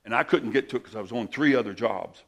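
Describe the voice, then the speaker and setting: A man preaching a sermon, repeating phrases and swinging between loud bursts and hushed asides. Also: medium pitch, quick pace, gravelly.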